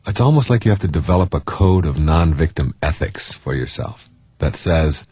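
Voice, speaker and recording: A man with a very low, husky voice delivers a self-help lecture. He talks earnestly and with emphasis, stacking up repeated phrases to drive his points home. The recording is dry and close, with no room sound. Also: expressive, moderate pace, dark tone, no room sound. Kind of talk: recorded motivational talk.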